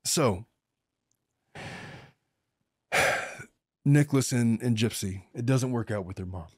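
A middle-aged man co-hosts a true-crime podcast in a loose, joking way, tripping over his words and restarting sentences. His voice sits at an ordinary pitch and is recorded close and dry, with no room sound. He talks like he is chatting with a friend. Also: slow pace, dark tone, breathy edge, no room sound. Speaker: podcast co-host. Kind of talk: casual chat.

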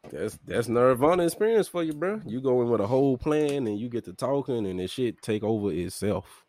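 A man's voice: mid-range voice, expressive, fairly quick, darkish tone. A man from Memphis with a Southern accent, a podcast guest talking emphatically and profanely in casual chat. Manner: emphatic, profane, calls people fool and bro.

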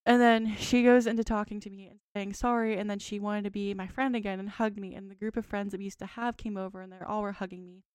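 Smooth-voiced woman in her twenties. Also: mid-range voice, steady tone, quick pace, hardly any pauses, darkish tone, no room sound, studio quality. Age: 20s. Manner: rambling, frequent "like" fillers. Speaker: podcast co-host. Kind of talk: casual chat, reading a dream journal.

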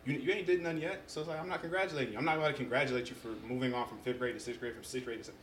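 A young man in casual conversation as a podcast guest, telling stories in an animated way and acting out what people said. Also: medium pitch, very fast, a little hiss or hum. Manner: animated storyteller who acts out quotes. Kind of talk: casual chat. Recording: roomy echo.

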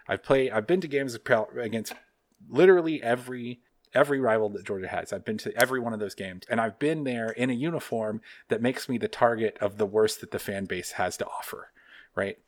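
A man co-hosting a podcast, ranting hotly with swearing and a stream of fillers. His voice sits at an ordinary middle pitch. The sound is dry and close, with no room echo. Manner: heated, swearing rant with many fillers. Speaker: podcast co-host.

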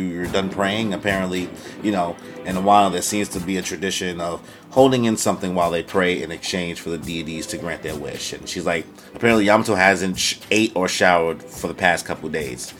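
A man's voice: deep voice, fairly even intonation, fairly quick, a bit bright, faint music behind. A young man casually reviewing an anime chapter in a slangy, rambling way, often breaking into quoted voices.

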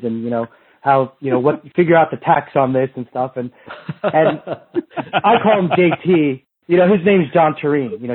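A fitness industry coach appearing as a podcast guest tells rambling, profane stories, acting out both sides of old conversations. His mid-range voice has a breathy edge, and the line sounds tinny and phone-like.

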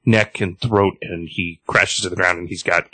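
A man's voice: deep voice, steady tone, moderate pace, pushed and bright, slightly rough, no room sound. A man hosting a podcast, recapping a comic book casually, rambling with many fillers and restarts.

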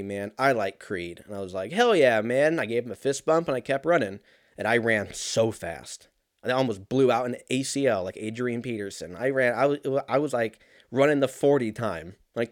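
A man's voice: medium pitch, dry recording. Man, early 30s, casual storyteller, swears a lot, rambles and animates, dry close sound. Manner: rambling, profane, animated anecdote with frequent fillers.

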